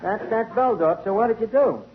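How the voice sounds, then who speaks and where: A fast-talking tavern manager with tough-guy slang and sloppy grammar. The voice sits high and leaps around in pitch. It comes through a tinny, hissing vintage radio broadcast. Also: expressive. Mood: wisecracking. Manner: Brooklyn tough-guy slang with ungrammatical speech. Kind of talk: 1940s radio comedy acting.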